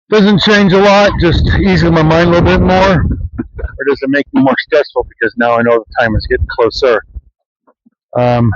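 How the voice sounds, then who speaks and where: A man chatting his way around a farm yard in a relaxed, rambling vlog, full of fillers and restarts. His voice sits in an ordinary middle register. The sound is dry and a little dull, like a small camera mic outdoors. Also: mid-range voice, no room sound. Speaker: homesteading vlogger. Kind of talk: casual walk-and-talk vlog.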